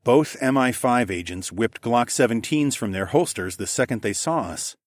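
A man giving steady, matter-of-fact first-person audiobook narration. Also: medium pitch, moderate pace, dry recording, clean studio sound.

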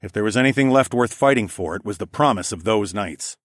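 A man with a fairly low voice narrating an audiobook in the first person. His delivery is steady and even. The recording is dry and close. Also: fairly quick, no room sound.

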